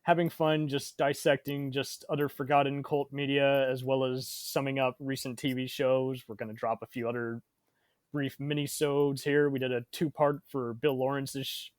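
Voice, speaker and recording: A man's voice: medium pitch, little pitch movement, moderate pace, dry recording. A man speaking as a podcast guest in a casual comedy chat, rambling and self-deprecating. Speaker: podcast guest, defense attorney in a mock trial.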